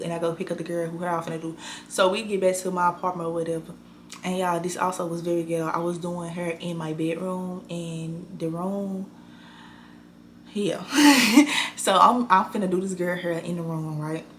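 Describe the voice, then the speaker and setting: A young woman telling a storytime vlog, blunt and animated, swearing freely in casual slang. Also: fairly low pitch, slight background noise.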